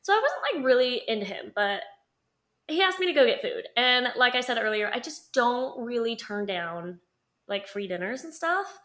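A woman's voice: on the high side, sing-song, normal speed, fairly bright tone. Sassy chatty young woman podcaster. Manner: chatty, sassy, laughs often, many "like" fillers. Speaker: podcast co-host. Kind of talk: casual storytelling chat.

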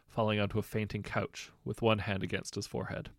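Male narrator, lowish and lively, comic fairy tale, dry close recording. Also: a little fast, vocal fry, few pauses, dry recording. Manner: wry, conversational asides. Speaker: storyteller.

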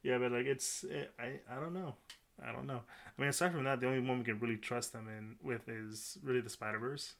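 A man's voice: medium pitch, fairly even intonation, brisk, creaky. A man co-hosting a casual podcast, rambling and often restarting his sentences. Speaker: podcast co-host. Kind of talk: casual chat.

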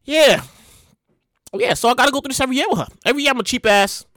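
Brief: high, bright-voiced woman host telling a profane comic story. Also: fast, no room sound, clean studio sound. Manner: animated, profane, repeats herself for effect. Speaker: show host.

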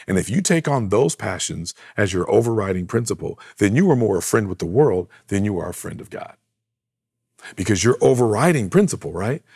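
Gravelly, husky male preacher. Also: lowish voice, a little mellow, dry recording, studio quality. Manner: earnest, repeats phrases, rhetorical questions. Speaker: pastor. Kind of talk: sermon.

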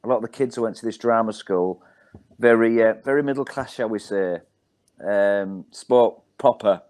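A man's voice: on the low side, normal speed, a little mellow. A man in his forties with a Hull accent, a stand-up comedian telling rambling stories as a podcast guest. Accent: Hull, Yorkshire. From Hull, England. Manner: rambling anecdotes with many ums and self-repeats. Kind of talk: casual storytelling on a podcast.

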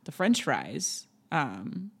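Young woman host, lowish voice, chatty, giggly storyteller. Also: huge pitch swings, extremely slow, creaky, husky. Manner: giggly, rambling storyteller acting out quotes. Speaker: podcast host. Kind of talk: casual chat.

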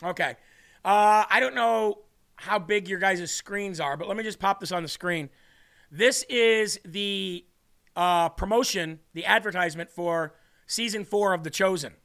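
Male podcast host, bright and high, earnest and a little teary while reading live chat. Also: measured pace, vocal fry. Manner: earnest, emotional, reads comments aloud. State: tearing up.

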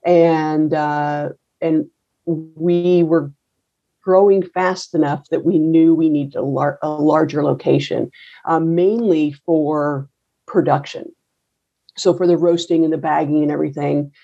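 A woman's voice: low voice, fairly even intonation, unhurried, gravelly, dark tone, lo-fi sound. A middle-aged woman in a casual interview, telling her story in a rambling, wry way with many fillers and restarts. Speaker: coffee roaster and business owner.

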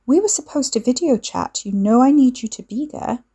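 A woman's voice: high voice, animated, moderate pace, husky, pitched above the performer's own voice, heavily acted. A woman reading the lines of a needy young woman who turns cold and accusing. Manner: accusing, sharp, clingy. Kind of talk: audiobook dialogue reading.

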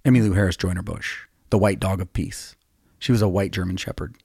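A man's voice: low-pitched, steady tone, brisk, creaky, darkish tone, breathy edge, no room sound, clean studio sound. A man in his fifties, a songwriter hosting a podcast, telling long rambling stories in a casual, self-deprecating way. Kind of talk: casual storytelling chat.

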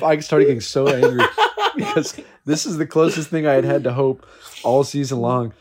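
A man's voice: medium pitch, normal speed, crowd noise. A man in casual chat, animatedly telling a fantasy football story, swearing and laughing as he goes. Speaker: fantasy football league member.

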